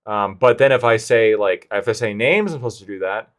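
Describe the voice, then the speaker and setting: A man with a low voice talks through a live-streamed mock trial over a video call. He rambles, second-guesses himself out loud and swears in passing. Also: brisk. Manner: rambling, self-questioning, swears casually. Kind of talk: casual banter on a live stream.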